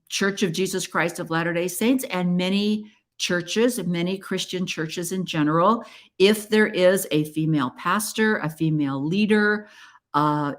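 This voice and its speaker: Woman host with a lowish voice, earnest and encouraging in casual solo talk. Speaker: podcast host.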